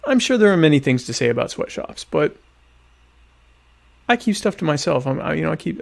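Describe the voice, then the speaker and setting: A young adult man hosting a podcast, answering listener questions in a deadpan, ironic, rambling way while eating dinner. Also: a little high, normal speed, vocal fry, long pauses. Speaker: podcast host. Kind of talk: casual solo chat answering listener questions.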